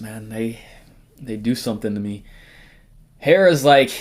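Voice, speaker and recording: Guy doing a casual tier list, rambly and sweary, mid pitch, keeps dropping to mumbles. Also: animated, measured pace, pauses often. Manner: rambling, profane, jokey, drifts into mumbles and whispers. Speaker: host.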